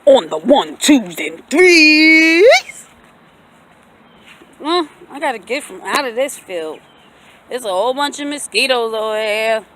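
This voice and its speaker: A woman's voice: fairly high pitch, animated, moderate pace, slight background noise. A young woman, filming a casual vlog outdoors in a field, talking in sing-song baby talk to her dog. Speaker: vlogger.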